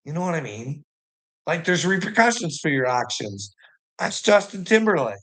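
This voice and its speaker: A man with a slightly raised voice rants through news headlines and swears constantly. His sarcasm is biting, and his sentences often trail off into low, muttered asides. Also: sing-song, normal speed, fairly bright tone. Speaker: commentator reacting to news headlines. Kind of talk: profane ranting commentary.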